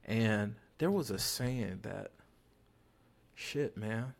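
A man's voice: lowish voice, lively intonation, drawn-out words, creaky. A man hosting a podcast in casual chat, a little tipsy, talking in a laid-back, slangy, joking way. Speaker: podcast host.

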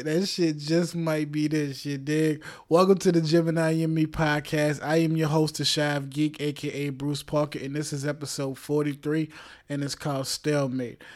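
A man's voice: fairly high pitch, a little mellow. Joking man hosting a podcast monologue. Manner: loose, joking, heavy profanity and slang; frequent laughs and check-in asides. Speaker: podcast host. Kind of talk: casual monologue.

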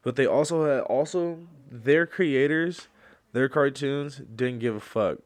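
A young podcast host talks on his own at an ordinary middle pitch, rambling through a story full of slang and fillers. When a topic gets to him he turns loud and worked up, ranting with energy. The whole thing has a casual, off-the-cuff feel. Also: unhurried. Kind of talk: casual solo podcast chat.

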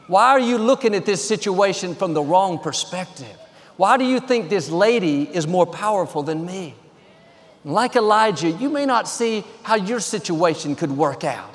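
A man's voice: high voice, long reverb tail. A man preaching an encouraging sermon as pastor, speaking in short rhythmic phrases and firm declarations.

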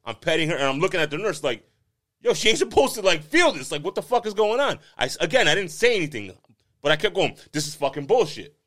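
A podcast co-host with a slightly high, sing-song, somewhat bright voice talks fast as he spins a long story on a casual show. He swears plenty and laughs his way through what is actually a sad tale.

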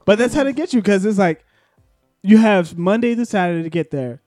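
A high-pitched man on a podcast, blunt and emphatic, cursing freely as he argues his point. The sound is dry and close. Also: expressive, brisk, a little mellow, dry recording, soft background music. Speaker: podcast co-host. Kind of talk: casual chat.

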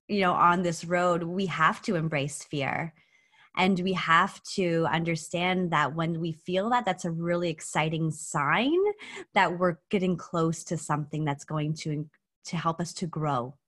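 A woman hosts a podcast interview in a relaxed, chatty way. She agrees with her guest often before asking her next question. Her voice sits on the lower side. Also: measured pace. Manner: warm affirming listener, frequent agreement. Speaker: podcast host.

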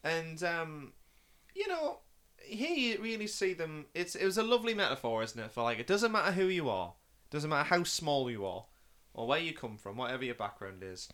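A young man hosting a casual film chat, rambling with fillers and restarts and bursting into excited impressions. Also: on the high side, normal speed. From Northeast England. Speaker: podcast host.

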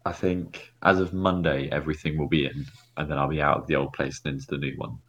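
Deep-voiced young man, swearing. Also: level tone, fast, a bit bright, husky. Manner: swears freely, flares up in mock anger. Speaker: podcast co-host. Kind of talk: casual banter.

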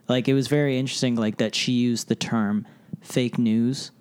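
A man's voice: mid-range voice, steady tone, moderate pace, a little mellow, clean tone. Laid-back man telling a story. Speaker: podcast co-host. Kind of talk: casual chat.

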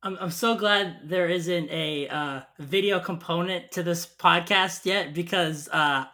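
A man hosts a casual podcast with a bright, slightly tense voice. He is upbeat and chatty, and he is easily moved by what his guest tells him. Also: fairly high pitch, unhurried. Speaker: podcast host.

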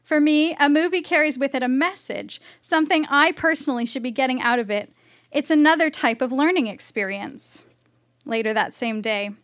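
A woman's voice: high voice, normal speed, fairly bright tone. A woman reading her old diary entries aloud on stage with comic sincerity. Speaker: reader of her teenage diary.

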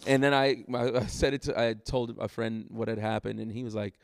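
A man's voice: lowish voice, steady tone, brisk, gravelly, no echo, clean studio sound. A man, a pastor, talking candidly in a casual church discussion and laughing at himself as he tells stories.

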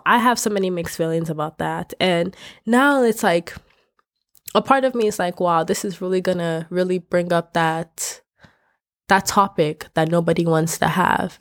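Young woman ranting to her camera. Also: lowish voice. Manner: rambling, self-correcting, laughs often; expressive, rising to emphatic outbursts. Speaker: vlogger. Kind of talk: casual talking-to-camera rant.

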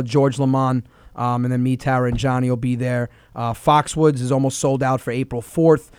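A man's voice: medium pitch, darkish tone, smooth, dry recording, clean studio sound. A man hosting a comedy radio show, rambling casually through his list of upcoming tour dates. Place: radio studio.

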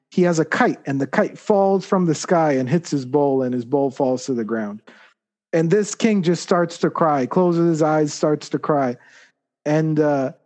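A man telling a parable as a podcast guest, halting often with fillers and restarts. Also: on the high side, darkish tone. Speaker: guest storyteller. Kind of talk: spoken parable storytelling.

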